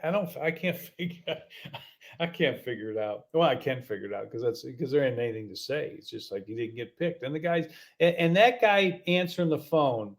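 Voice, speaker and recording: Guy ranting on his podcast, kinda high-ish voice, keeps asking the same question over and over. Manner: exasperated, incredulous, repeats himself; halting, many fillers and restarts. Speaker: podcast host. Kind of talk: casual opinion rant.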